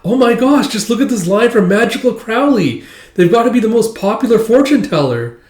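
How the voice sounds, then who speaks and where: A man voicing a bubbly, bossy little rich girl in a high, gushing girlish voice. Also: sing-song, fairly quick, darkish tone, reverberant.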